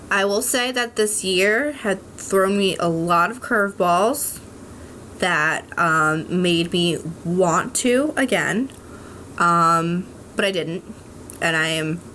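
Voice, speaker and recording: A woman's voice: on the low side, sharp tone, a little hiss or hum. A young adult woman vlogging at home, talking candidly to camera in a rambling way, with many ums, restarts and frank swearing. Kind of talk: candid casual talk to camera.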